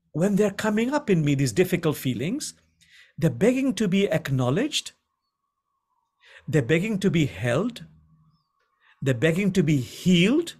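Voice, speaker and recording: A middle-aged man, an imam, giving a gentle contemplative teaching over a video call and repeating key lines slowly for emphasis. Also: sits high, slightly rough.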